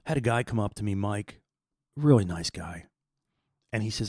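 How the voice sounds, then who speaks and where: Middle-aged man, 50s, low voice, dry recording; earnest, rambling podcast host who stumbles over repeated words. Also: lively intonation, normal speed, a little mellow, breathy edge, no room sound. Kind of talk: personal faith talk.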